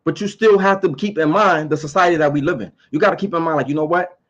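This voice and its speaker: A man's voice: a little high, fast, muffled recording. A man giving his opinions in a casual monologue to camera. He talks emphatically, repeats his points and asks rhetorical questions.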